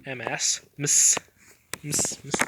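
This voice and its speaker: A man's voice: mid-range voice, fairly even intonation, slow pace, background noise. A young man casually talking over a map, rambling with lots of fillers and self-corrections as he ranks things. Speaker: vlogger.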